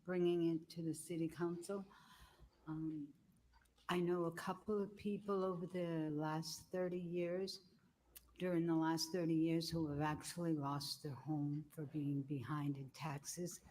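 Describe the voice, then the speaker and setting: Slow-speaking woman giving public comment. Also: low voice, little pitch movement, darkish tone, a little hiss or hum, rough recording. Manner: halting, with fillers and restarts.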